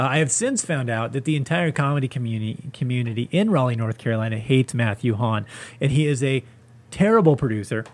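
Male comic host, solo podcast rant, foul-mouthed and sarcastic, mid-range voice. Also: medium pitch. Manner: profane, sarcastic ranting.

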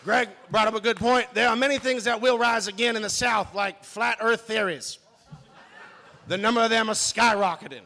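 A man's voice: high voice, moderate pace, creaky, pushed and bright. A male comic in a comedy club, trading crude roast jokes with a brash, punchy delivery. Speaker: stand-up comic in a debate show. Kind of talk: crude roast-style stand-up.

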